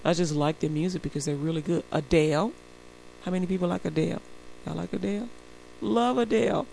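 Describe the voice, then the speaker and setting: Chatty woman radio host, creaky voice. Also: fairly low pitch, fairly quick, warm tone, a little hiss or hum, low-quality recording. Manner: chatty, laughs often, acts out voices. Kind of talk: casual Christian radio talk.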